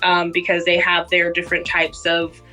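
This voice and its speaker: A woman's voice: fairly low pitch, completely flat delivery, moderate pace, sharp tone, faint music behind. A woman co-hosting a podcast in casual chat, rambling and breaking into giggles. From Boston. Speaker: podcast co-host.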